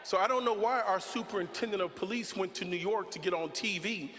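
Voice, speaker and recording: A man giving an impassioned political speech at a forum, in a preaching cadence that builds to shouts. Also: high-pitched, fairly quick. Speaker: speaker at a Saturday forum. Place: large hall with a choir. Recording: long hall reverb from the PA.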